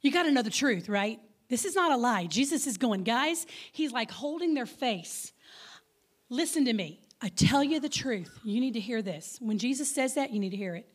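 Lively Texan woman preaching. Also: on the high side, normal speed. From Texas. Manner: lively, conversational preaching with dramatic whispers. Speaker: guest speaker. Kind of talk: sermon.

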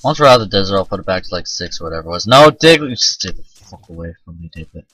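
Man, gaming commentary, rambling, self-mocking, crisp bright tone, dry close mic. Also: deep voice, animated, fast, no room sound, poor audio. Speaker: gameplay commentator. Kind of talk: casual let's-play commentary.

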